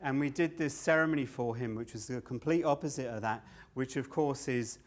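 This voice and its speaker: Here a brisk, mid-range male voice belongs to an older storyteller and comedian. During his live standup, he rambles through sweary anecdotes and often breaks into laughter at them.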